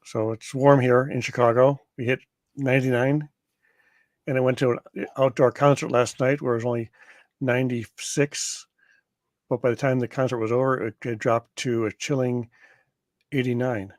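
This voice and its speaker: A man's voice: medium pitch, level tone, moderate pace, dry recording. Dry, understated male producer. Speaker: producer and director. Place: Chicago.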